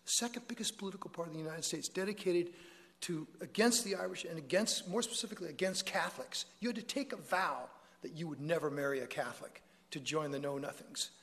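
A man's voice: fairly high pitch, quick pace, a bit bright. A man giving a public talk to an audience, conversational and prone to joking asides and self-corrections. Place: lecture hall with an audience. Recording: long reverb of a large hall.

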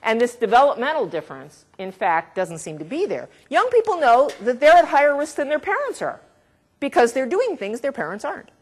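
A woman's voice: high-pitched, very animated, brisk. A woman researcher giving an academic lecture in a conversational way, with asides and the odd chuckle.

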